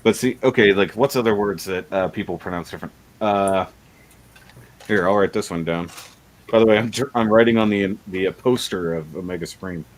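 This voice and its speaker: Chatty low-voiced man hosting a stream. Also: fairly quick, rough recording. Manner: rambling, chatty, laughs often. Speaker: livestream host. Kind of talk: casual livestream chat.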